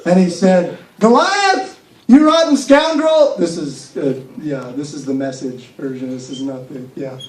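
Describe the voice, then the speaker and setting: A man's voice: medium pitch, fairly even intonation, normal speed, few pauses. A man narrating a Bible story for children in a live skit, playful and full of joking asides. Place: church hall with children. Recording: echoey hall, far mic, loud crowd and noise.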